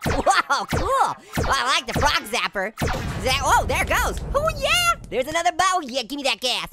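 A man's voice: very high-pitched, huge pitch swings, normal speed, loud music behind the voice, exaggerated voice. A man voicing a cheeky, hyper male talking orange who giggles and wisecracks through comedic game commentary. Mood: goofy. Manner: giggly, wisecracking, constant laughing. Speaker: gameplay commentator.

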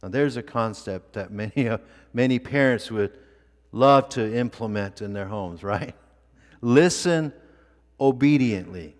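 A male pastor preaching a sermon in a church, with deliberate, emphatic delivery and repeated phrases for weight. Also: lowish voice, in a large hall. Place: church sanctuary.

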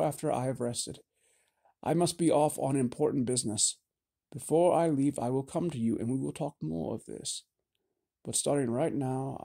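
A kindly old wizard talks in a calm, measured way, reassuring and grandfatherly, as a male audiobook reader plays him. The voice sits close to the reader's own, low-key and mellow in tone. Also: vocal fry. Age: older. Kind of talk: audiobook character voice.

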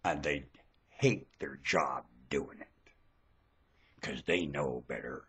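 A man delivering a preachy, ranting monologue into a webcam microphone, lurching between muttering and shouting. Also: low voice, normal speed.

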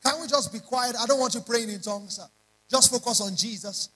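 A man's voice: very high voice, a little fast, pushed and bright, breathy edge, low-quality recording. A man preaching a sermon, emphatic and repeating lines in rising prayer chants. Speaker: pastor.

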